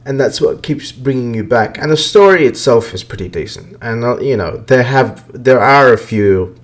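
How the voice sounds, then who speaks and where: A man holds forth on video games in a loose, off-the-cuff podcast rant. He swears constantly and speaks bluntly, at an ordinary middle pitch for a man. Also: animated, moderate pace. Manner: profane, blunt, ranting. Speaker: podcast host. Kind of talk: casual gaming rant.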